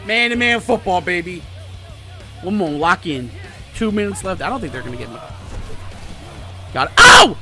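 A young man commentating his own football video game, calling plays in casual slang and breaking into shouts and yelps at the big moments. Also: on the high side, expressive, brisk, long pauses. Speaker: gaming YouTuber. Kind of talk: excitable play-by-play gaming commentary. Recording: music playing behind.

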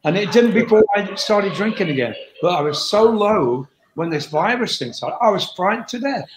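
A man's voice: high voice, expressive, moderate pace. An older man, a rock singer speaking as an interview guest in a candid, blunt chat, swearing freely. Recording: roomy echo.

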